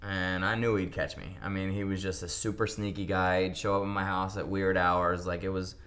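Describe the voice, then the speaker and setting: This young interview guest from Pennsylvania speaks briskly in a low-pitched voice. Telling his story, he's easygoing and energetic, dramatizing what others said.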